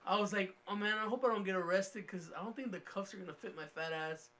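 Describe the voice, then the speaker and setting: Brief: high, light male voice, casual podcast co-host, animated storyteller. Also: fast. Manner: animated, loud when acting out his story. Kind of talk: casual storytelling among friends.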